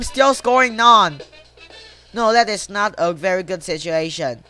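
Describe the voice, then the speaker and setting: A woman's voice: lowish voice, lively intonation, unhurried, sharp tone, faint music behind. A woman giving casual commentary while playing a game, often swearing and grumbling at the plays, talking to herself and her viewers. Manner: talks to self and viewers between plays. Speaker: gamer.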